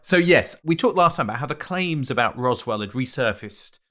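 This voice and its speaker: A man's voice: medium pitch, expressive, fairly quick, bright, forceful tone. Dry British male co-host. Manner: dry, teasing. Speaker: podcast co-host. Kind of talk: casual podcast chat.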